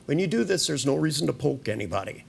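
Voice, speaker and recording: A man working as a hypnotist, leading volunteers through a live induction in slow, soothing patter. He keeps repeating "that's right" and slips in playful jokes. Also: a little high, big pitch swings, gravelly, slight background noise. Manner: playful, joking with the audience.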